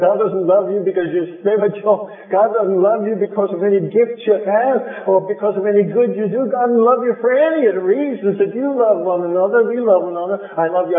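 A man with a high voice delivers an earnest, emotional sermon. His pitch climbs as he presses his points. The sound is thin and phone-like, with a roomy echo. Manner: earnest, emotional, pitch rising when preaching. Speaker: preacher. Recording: phone-like sound, echoey room.

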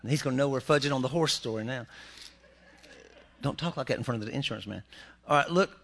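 A man preaches a funny sermon in a church sanctuary at a quick pace, his mid-range voice fairly bright. Along the way he jokes directly with the congregation.

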